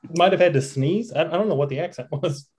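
A man's voice: a little high, darkish tone, a little hiss or hum. A man co-hosting a podcast in casual chat, rambling, trailing off and laughing often. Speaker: podcast co-host.

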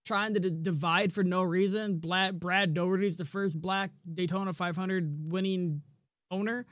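A man's voice: high voice, fairly even intonation, normal speed, a bit bright, no room sound, studio quality. A man co-hosting a racing podcast in casual chat, blunt and rambling, swearing freely. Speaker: podcast co-host.

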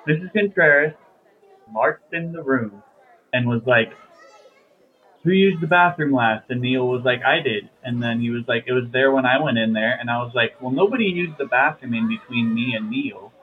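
A man's voice: medium pitch, moderate pace. A young man, a podcast co-host, talking in a laid-back way on a casual chat show. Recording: tinny phone-like sound with faint hiss.

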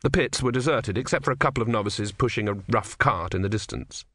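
A man narrating a comic novel as an audiobook, with wry, expressive storytelling. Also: fairly low pitch, brisk, dry recording, studio quality. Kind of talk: scripted narration.

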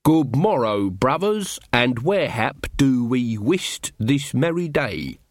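A man's voice: medium pitch, very animated, slow, dry recording, clean studio sound. A man voicing an earnest rustic village baker in an audiobook. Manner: earnest, putting on old-fashioned talk. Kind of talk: audiobook reading.

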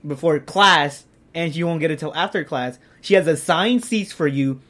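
A teenage man in casual chat, complaining about school in an animated, quick-moving way. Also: fairly high pitch. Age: teens. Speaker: co-host.

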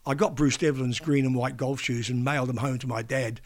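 A man's voice: medium pitch, fairly even intonation, fairly quick. An older man, a veteran broadcaster, telling rambling anecdotes in a casual interview, breaking into imitations of people he met. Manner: rambling, restarts sentences, mimics people in quotes.

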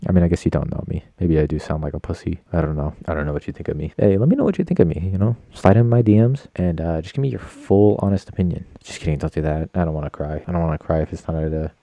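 A man's voice: sits low, fast talker, hardly any pauses, warm tone, dry recording. A young man hosting a solo podcast, rambling in profane, self-mocking chatter. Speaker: podcast host.

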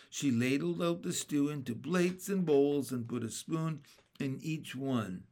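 A man reading a children's chapter book aloud in a steady, plain storybook narration. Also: fairly high pitch, unhurried.

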